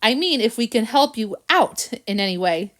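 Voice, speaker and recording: A woman's voice: a little high, expressive, moderate pace, fairly bright tone. A woman voicing a clever, smug male cat detective who speaks in a dry, knowing way in a storybook. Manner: dry, knowing, smart-mouthed.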